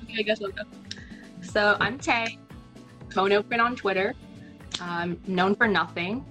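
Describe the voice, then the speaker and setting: A woman's voice: mid-range voice, fairly even intonation, unhurried, bright, forceful tone, faint music behind. A woman guest on a casual fan podcast, shy and hesitant, giggling as she introduces herself.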